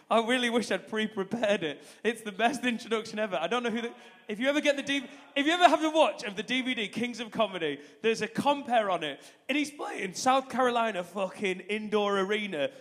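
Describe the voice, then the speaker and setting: A man compèring a comedy night on stage, loud and excitable, breaking into shouts. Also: high voice. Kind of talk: stand-up compèring. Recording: live room with long reverb.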